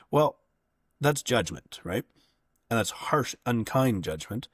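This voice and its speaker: A man's voice: medium pitch, sing-song, takes it slowly, pauses often, husky, dry recording, clean studio sound. A man who works as a coach, explaining ideas in an interview and often checking in with "right?". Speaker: coach, podcast guest.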